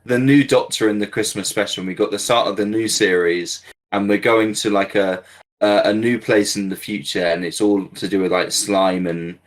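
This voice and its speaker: Low-voiced, halting male co-host. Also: steady tone, poor audio. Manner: halting, many restarts. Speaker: podcast co-host. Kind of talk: casual review chat.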